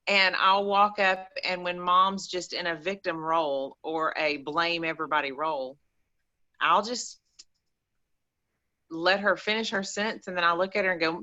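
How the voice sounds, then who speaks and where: A woman with an East Texas accent, chatting as a caller on a call-in show in an animated, rambling, folksy way. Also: fairly low pitch, moderate pace, lo-fi sound. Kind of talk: casual chat.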